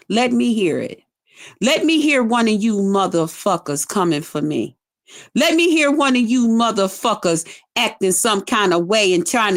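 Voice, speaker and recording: A middle-aged woman vlogger in a loud, profane on-camera rant, taunting and emphatic. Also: medium pitch.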